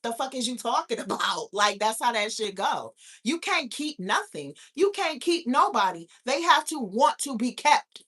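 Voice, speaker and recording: A woman's voice: a little high, sing-song, normal speed, few pauses, a bit bright, husky. A woman hosting a live stream, ranting in a profane, incredulous way and firing off rhetorical questions. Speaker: host of a live talk stream. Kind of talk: casual live-stream rant.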